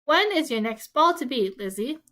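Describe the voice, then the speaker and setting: A woman's voice: high-pitched, animated, normal speed, sharp tone. A woman voicing a fretful teenage girl, speaking in a peevish way.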